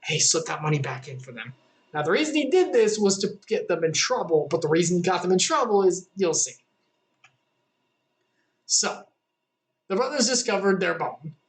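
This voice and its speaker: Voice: mid-range voice, sing-song, moderate pace, pauses often, rough recording. A Bible study leader who reads scripture aloud and then paraphrases it in casual, chatty terms, with plenty of fillers.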